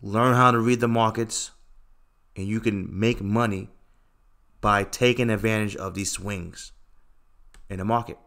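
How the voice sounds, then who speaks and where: A man hosting a casual livestream answers chat bluntly, often tacking on "okay" and "bro" as he pushes his points and gets louder to make them. His lecturing voice is lowish and gravelly, with fairly even intonation, a measured pace and long pauses.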